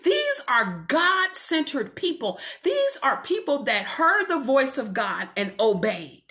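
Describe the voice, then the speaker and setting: A woman's voice: high-pitched, sing-song, takes it slowly, pushed and bright. A woman minister giving a fervent, preacherly faith testimony to women viewers from her home. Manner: fervent, preacherly, calls listeners "y'all".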